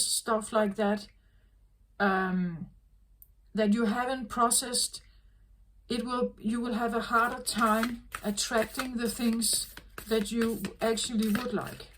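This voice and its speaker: A woman tarot reader talking in a slow, earnest, reflective way, often repeating herself as she works through a thought. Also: on the high side, slight background noise, poor audio. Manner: slow, repetitive, earnest, self-correcting. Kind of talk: reflective spoken reading.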